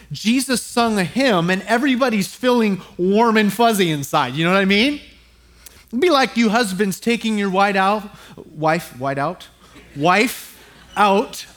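A man delivers a sermon in a fairly high voice, weaving in a funny family story. He stumbles and restarts often and turns to the congregation with quick asides. His delivery is animated and he acts out the voices in his stories. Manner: storytelling with humor and audience asides. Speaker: pastor.

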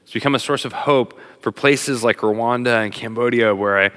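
A middle-aged man preaching a sermon as a pastor, talking in an animated, conversational way with plenty of fillers. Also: mid-range voice, normal speed. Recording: long hall reverb.

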